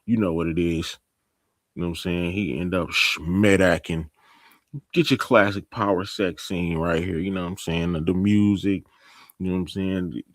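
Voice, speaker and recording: A man giving a casual, slang-heavy TV episode recap, telling the story in an animated way. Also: sits low, normal speed, no echo. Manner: animated storytelling, acting out characters, laughing. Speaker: TV recap host.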